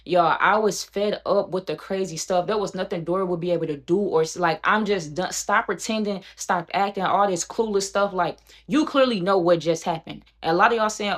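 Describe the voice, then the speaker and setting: Brief: a young woman vlogger with a lowish voice, animated storytime delivery. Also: moderate pace, hardly any pauses. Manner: animated, addresses viewers as "y'all". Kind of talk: storytime vlog.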